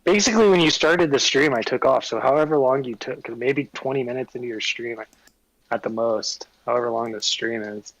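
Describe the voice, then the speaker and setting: A man's voice: medium pitch, brisk, fairly bright tone, rough recording. A man co-hosting a casual livestream chat, swearing freely and laughing as he tells stories. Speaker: livestream co-host.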